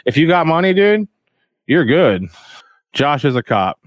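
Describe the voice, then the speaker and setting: A man hosting a podcast, ranting casually and profanely, rambling and mocking others in shrill voices. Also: very animated, unhurried, dry recording. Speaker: podcast host. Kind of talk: casual rant. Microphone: headphones on, close mic.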